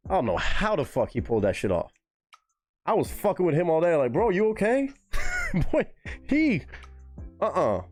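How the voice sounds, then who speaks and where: Young male streamer, lively and profane, casual chat over faint music. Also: on the high side, moderate pace, pauses often. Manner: animated, profane, reads chat aloud. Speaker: live-stream reaction host. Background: faint music playing.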